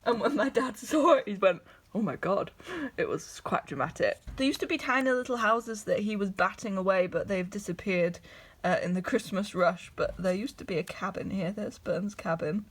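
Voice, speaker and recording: A young woman, an artist, showing her sketchbook in a casual, chatty vlog. She is excitable and scattered and keeps breaking off mid-sentence. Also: mid-range voice, moderate pace, husky. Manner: excitable, scattered, self-interrupting.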